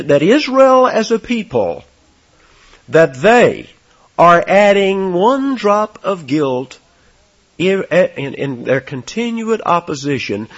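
Man, pastor, verse-by-verse sermon, lively rising and falling pitch, husky tone, muffled lo-fi sound. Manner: emphatic, swings between loud and soft for stress. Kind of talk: expository sermon.

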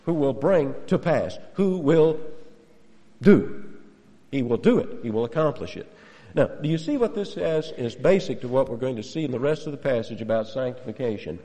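Male preacher, emphatic expository sermon, mellow tone, long hall reverb. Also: medium pitch, lively intonation, normal speed. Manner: emphatic, repeats key phrases, chuckles now and then.

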